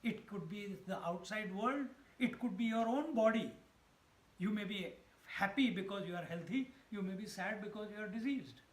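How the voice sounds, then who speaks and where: A man's voice: high-pitched, moderate pace, roomy sound, poor audio. A man giving a spiritual discourse, chanting verses and then explaining them with stories and laughter. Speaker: swami giving a scripture talk.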